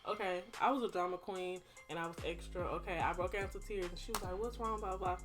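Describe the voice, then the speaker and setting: A woman's voice: lowish voice, fairly even intonation, fast talker, over music. A young woman, telling a personal story to her viewers in a chatty, dramatic way. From Texas. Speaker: vlogger. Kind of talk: casual storytime.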